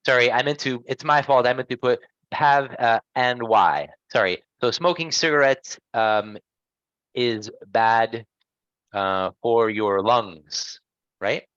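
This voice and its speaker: A man's voice: medium pitch, takes it slowly, a bit bright, no echo, lo-fi sound. A man teaching an online English class, patient and encouraging, repeating and rephrasing answers for his students.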